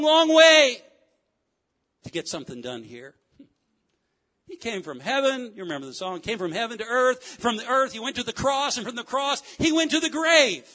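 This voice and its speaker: A male pastor delivers a sermon to his church, his voice unusually high and full of leaps in pitch. He moves from fervent, raised cries down to low, quiet asides and back again. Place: church sanctuary.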